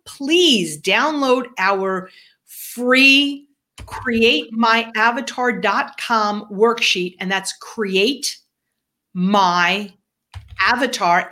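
A woman's voice: a little high, bright, forceful tone. A woman with a New York accent co-hosting a podcast, giving direct coaching advice in a casual chat. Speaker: podcast co-host.

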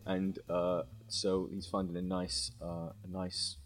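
A man, a player in a tabletop game, describing his character in a relaxed, hesitant way. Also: deep voice, slow. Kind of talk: casual tabletop play.

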